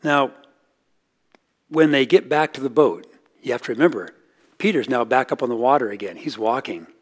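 A middle-aged man preaching, his pitch sitting right in the everyday middle. He tells stories earnestly, lifting his voice for quoted lines and sinking soft and low to land a point. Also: lively intonation, moderate pace. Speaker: pastor. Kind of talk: sermon.

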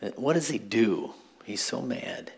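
Husky-voiced pastor preaching conversationally. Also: male voice, on the low side, wildly swooping pitch, unhurried. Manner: conversational preaching with asides and chuckles. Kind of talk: sermon.

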